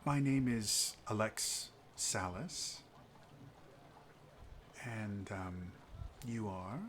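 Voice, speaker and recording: A man voicing a courteous, soft-spoken male noble in a tabletop game, polite and measured. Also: fairly low pitch, a little hiss or hum. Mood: smooth courtesy.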